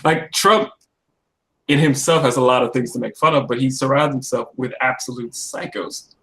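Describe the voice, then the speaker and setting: A man in casual political banter on a podcast, blunt and profane, breaking into short laughs as he rants. His voice sits at an ordinary middle pitch for a man. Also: moderate pace, a bit bright. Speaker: podcast co-host.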